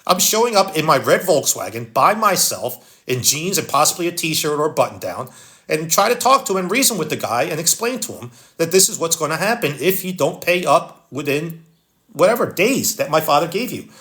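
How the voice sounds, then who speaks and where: Live-stream host, man, Philadelphia accent, higher-pitched, blunt and no-nonsense while reading comments. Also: very animated, brisk, pushed and bright. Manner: blunt, wisecracking, reads viewer comments aloud. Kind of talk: casual live-stream chat.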